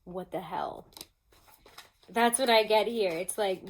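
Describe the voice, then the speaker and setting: A woman's voice: mid-range voice, slow, long pauses, slight background noise. Chatty, laughing woman reading tarot. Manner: chatty and expressive, laughs often, mock-exasperated asides. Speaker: tarot reader. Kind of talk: casual tarot reading to camera.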